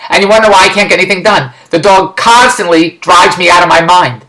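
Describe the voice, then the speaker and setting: Rapid, high-pitched ranting man. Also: reverberant, slight background noise, low-quality recording. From Philadelphia. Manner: rambling, exasperated, loud rants. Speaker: vlogger. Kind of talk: ranting video blog.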